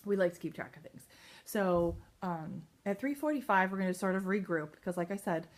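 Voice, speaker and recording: A woman at home at night giving a team a casual training talk as a sales leader, upbeat and chatty with many fillers, a little excited and nervous. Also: on the low side, fairly quick.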